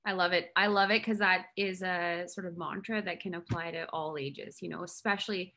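A woman with a low, gravelly voice and a bright, forceful edge interviews a guest over a video call. Her phrasing is enthusiastic and loose, full of fillers. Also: fairly even intonation, moderate pace. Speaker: host.

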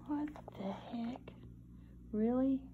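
A woman's voice: high-pitched, slow, narrow, tinny audio. A woman chatting playfully to her pet dog at home, teasing and often half-whispering. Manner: teasing, sing-song talk to a dog, often hushed. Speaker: dog owner. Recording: noisy home video.

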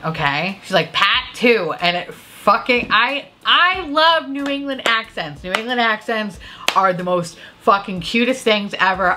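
A woman's voice: mid-range voice, sharp tone, a little hiss or hum. A woman vlogger chatting candidly about new makeup, swearing freely and a little tipsy from drinking. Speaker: beauty vlogger reviewing makeup releases. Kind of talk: casual chat.

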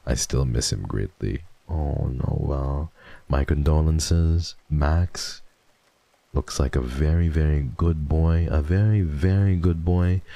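Young male streamer, very low and warm, close dry mic, repetitive and affectionate. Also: takes it slowly, gravelly, dry recording. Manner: rambling, repeats himself, soft and affectionate about dogs. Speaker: streamer host. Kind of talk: casual livestream chat.

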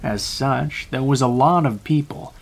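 A man reading a true scary story aloud in a calm, measured storytelling voice. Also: mid-range voice. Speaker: narrator. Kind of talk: scripted horror story narration.

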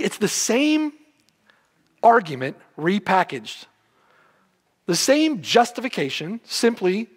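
A man's voice: high voice, fairly bright tone, in a large hall. A man preaching an expository sermon as pastor, emphatic and full of rhetorical questions. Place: church sanctuary.

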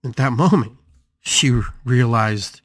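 A man's voice: mid-range voice, takes it slowly, no echo, studio quality. A man hosting a spiritual podcast, telling a story with emphatic, dramatic repetition. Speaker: podcast host.

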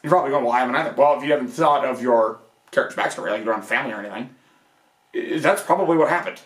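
In an echoey room, a man hosting his video essay channel races through a casual monologue about fantasy gaming, dotting it with rhetorical questions and "okay?" asides. He speaks at a medium pitch, animated, with a fairly bright tone.

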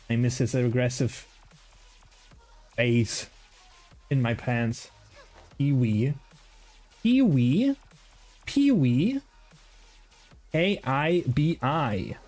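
A man's voice: medium pitch, slow pace, long pauses, darkish tone, faint music behind. A man with a slight German accent, a native German speaker, streaming a game and bantering with chat in a playful, rambling way. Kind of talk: casual gaming livestream chat.

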